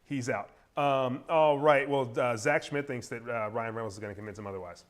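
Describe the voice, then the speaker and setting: A man from Baltimore co-hosting a casual live show and reading out viewer comments in a brisk, upbeat, chatty way. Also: medium pitch. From Baltimore, Maryland. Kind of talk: casual entertainment news chat.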